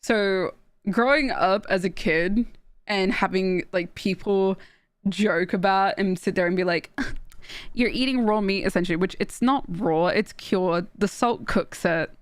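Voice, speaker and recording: A young woman from Australia, chatting casually on a stream and telling stories in an animated way, with restarts and laughs. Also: mid-range voice, a little slow, no room sound. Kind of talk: casual chat while streaming.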